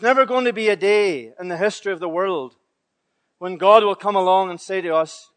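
A man's voice: high-pitched, fairly quick, fairly bright tone, no room sound. A male preacher delivering a sermon in a chapel, pressing his listeners with rhetorical questions and repeated phrases.

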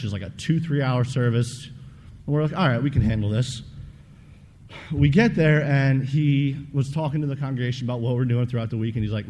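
A young man shares his story in an easygoing, rambling way, full of fillers but earnest. His voice is mellow and relaxed. It rings with a long reverb over a faint hiss, as if spoken in a big hall. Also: mid-range voice. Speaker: mission trip participant giving testimony. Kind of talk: personal testimony talk. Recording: long reverb of a large room, faint noise.

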